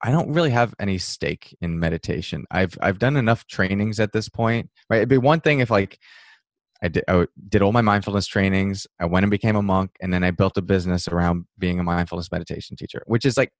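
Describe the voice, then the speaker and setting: Low-voiced man explaining meditation casually. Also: fast, no echo. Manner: relaxed, reflective, acts out inner thoughts with laughs. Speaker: mindfulness teacher, guest. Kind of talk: conversational interview answer.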